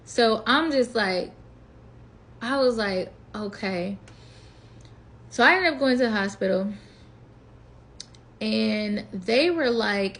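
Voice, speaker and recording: Gravelly young woman telling her story. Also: fairly high pitch, a little slow, pauses often. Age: 20s. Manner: chatty, animated retelling with quoted inner voice. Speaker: vlogger. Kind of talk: casual storytelling vlog.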